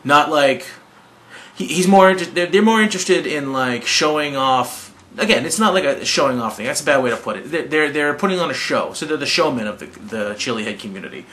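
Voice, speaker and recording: A man's voice: on the high side, expressive, a little fast, fairly bright tone, a little hiss or hum. A man hosting a hot sauce video channel, talking casually to camera in a rambling, enthusiastic way and often correcting himself.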